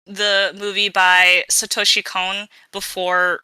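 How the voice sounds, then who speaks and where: A woman's voice: mid-range voice, flat delivery, slow, pushed and bright, clear, resonant tone, no room sound, poor audio. A woman co-hosting a podcast in casual chat, rambling and outgoing, with lots of fillers and restarts. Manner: outgoing and chatty. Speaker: podcast co-host.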